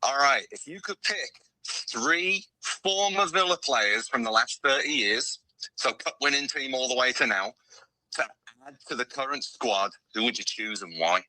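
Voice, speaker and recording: A man's voice: medium pitch, lively intonation, normal speed, bright, forceful tone, dry recording, rough recording. A man from Birmingham with a Birmingham accent tinged by American speech, calling in friendly and laughing easily, asking questions. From Birmingham, England. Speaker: caller. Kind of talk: casual radio phone-in call.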